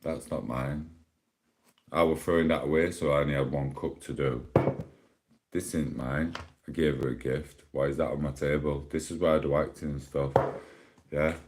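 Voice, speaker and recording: A man's voice: very deep voice, fairly even intonation, moderate pace, long pauses, noisy background. A man on a casual live stream at home, rambling and complaining in an exasperated way, talking into a phone.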